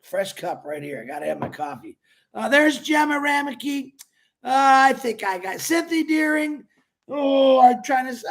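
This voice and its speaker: A man with a strikingly high voice hosts a casual livestream. He talks in an emotional, effusive way and greets his viewers one by one by name. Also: lively intonation, measured pace, gravelly, a bit bright. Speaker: livestream host.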